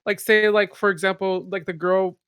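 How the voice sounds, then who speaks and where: A man's voice: sits high, little pitch movement, moderate pace, a bit bright, clear, resonant tone, no room sound, studio quality. A man chatting easily on a podcast panel, laughing often. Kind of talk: casual chat.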